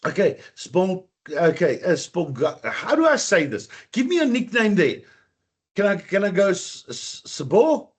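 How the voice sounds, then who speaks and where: Chatty male teacher, husky, lively pitch, online class. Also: a little slow. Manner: chatty, encouraging, talks to class directly. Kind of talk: live online computer lesson.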